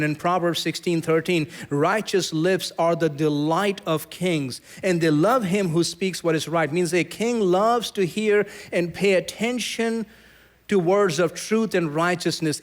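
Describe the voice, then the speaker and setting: A middle-aged man from South Asia preaches with a somewhat high voice, moving between teaching and storytelling. He acts out the people in his stories with animated, dramatic voices. His delivery is warm and lively, shaped for a congregation. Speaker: pastor. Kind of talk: sermon.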